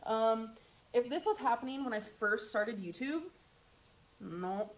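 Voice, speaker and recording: An upbeat woman talks her viewers through a makeup routine in a casual get-ready-with-me vlog. Her voice is a touch high for a woman. She slips in dry, sarcastic jokes between steps. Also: animated, measured pace. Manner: chatty and upbeat, with wry sarcastic asides. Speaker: beauty vlogger.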